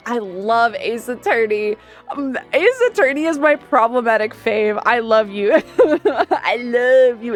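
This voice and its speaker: A woman streamer talking casually to her viewers, rambling from one thought to the next. She laughs often and trails off mid-sentence. Soft music plays faintly behind her. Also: medium pitch.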